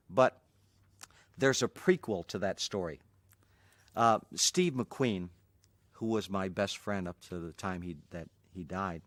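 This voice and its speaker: A man's voice: lowish voice, no room sound. An older man, a martial arts instructor, telling an anecdote in an interview and acting out the people in it. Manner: animated, acts out voices of people in the story.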